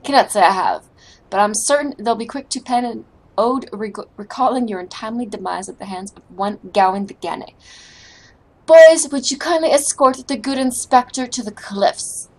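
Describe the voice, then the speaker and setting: A contemptuous male pirate-gang leader, played by a woman reading game dialogue. He sneers and barks orders at those around him. The voice sits a bit high. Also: moderate pace, darkish tone. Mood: scornful.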